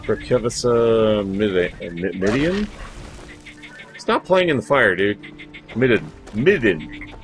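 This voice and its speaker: A man's voice: lowish voice, big pitch swings, slow. A man hosting a let's play, giving casual gameplay commentary, chatty and swearing freely as he talks to his in-game companions. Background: video game music.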